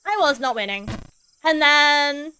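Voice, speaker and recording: High, bright-voiced goofy streamer woman. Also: animated, measured pace, rough recording. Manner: goofy, laid back, swears freely. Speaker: VTuber streamer. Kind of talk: casual game-stream chat.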